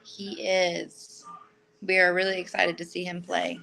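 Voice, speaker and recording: A woman co-hosts a livestream sports chat in a fairly low voice. She is chatty and easygoing throughout. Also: monotone, unhurried, vocal fry, poor audio.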